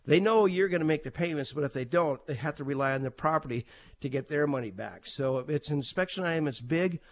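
A man's voice: a little high, quick pace. A middle-aged man with a slightly raised voice walks through home buying step by step. He speaks as a realtor, plain and practical, with a few fillers here and there. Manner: plain, practical, steady explaining with occasional fillers.

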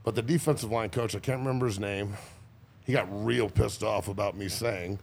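Man, 40s, former player as podcast guest; rough gravelly voice, brash and profane. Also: lowish voice, fairly quick, a little mellow, a little hiss or hum. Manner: profane, boisterous storytelling with frequent laughs. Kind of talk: casual chat.

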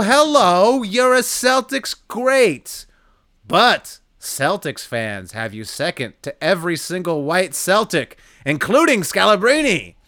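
A podcast co-host reading out a series of comic setups, stammering and laughing through them. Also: male voice, a little high, pushed and bright, dry recording, clean studio sound. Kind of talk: comedy podcast bit.

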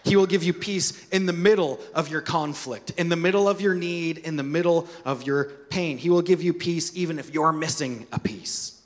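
A man preaching a sermon, telling stories and dropping soft and quiet for the key points. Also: on the high side, moderate pace, in a large hall. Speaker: pastor.

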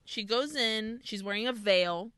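A woman talks with a bright, crisp voice, recorded close and dry. She is co-hosting a podcast and recapping a horror film in relaxed chat. She is animated and profane, slipping into the characters' lines as she goes. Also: a little high, a little slow, no room sound. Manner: animated, swearing, acts out characters in quotes. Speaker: podcast co-host.

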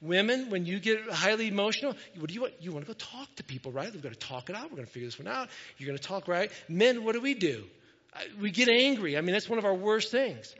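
High-voiced guy preaching, jokey and animated, dull sound with long hall reverb. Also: quick pace. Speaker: pastor. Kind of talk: sermon.

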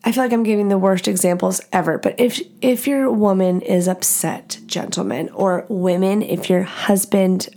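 Blunt, profane woman podcast host, mellow voice. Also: mid-range voice. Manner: blunt and profane, fast and animated. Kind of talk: casual solo podcast talk.

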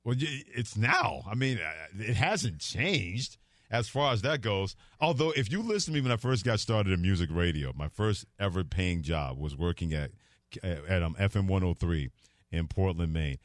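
A man's voice: sits low, animated, normal speed, dry recording, clean studio sound. A middle-aged man hosting a sports radio talk show, telling stories animatedly and laughing easily. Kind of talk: casual radio chat. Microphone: studio microphone.

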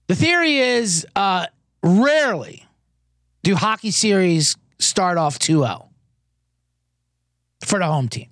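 A man's voice: sits high, expressive, slow pace, pauses often, a bit bright, dry recording, studio quality. A man hosting a sports betting podcast in a casual, jokey, rambling way, often interrupting himself. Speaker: podcast host.

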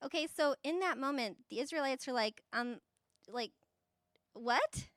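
A woman's voice: high voice, moderate pace, a bit bright, no echo. A woman giving a casual Bible lesson, chatty and conversational, with fillers, tag questions and light laughs. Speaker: Bible teacher.

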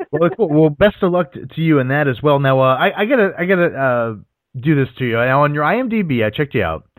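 A man's voice: on the high side, expressive, brisk, dry recording. A man hosting an interview in a playful, joking way. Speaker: interview host. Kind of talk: casual interview chat.

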